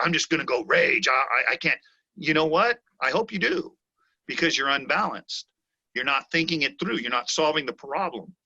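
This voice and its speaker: Guy on a martial arts podcast, real bright punchy voice, earnest, keeps saying you know what i'm saying, muffled lo-fi sound. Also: mid-range voice. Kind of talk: casual podcast chat. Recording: dull lo-fi audio.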